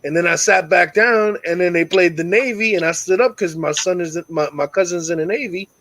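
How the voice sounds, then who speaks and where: A middle-aged man hosting a call-in talk show, telling stories in a casual, profane and animated way. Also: sits high, a little fast, poor audio. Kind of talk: casual storytelling chat.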